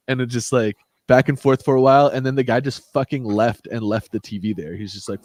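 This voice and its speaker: A man's voice: mid-range voice, brisk, a little mellow, dry recording. A young man co-hosting a casual podcast, telling a swearing, laughing retail work story. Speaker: podcast co-host. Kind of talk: casual chat.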